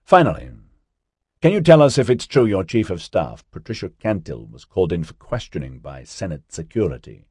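A man's voice: deep voice, very animated, normal speed, darkish tone, breathy edge, no room sound, clean studio sound, full character voice. A man reading a pushy, mocking male news interviewer in an audiobook, firing probing questions. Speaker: journalist.

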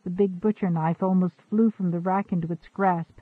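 Guy reading a story, steady and measured, dry tinny radio sound. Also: high voice, dry recording. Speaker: narrator. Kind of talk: scripted story narration.

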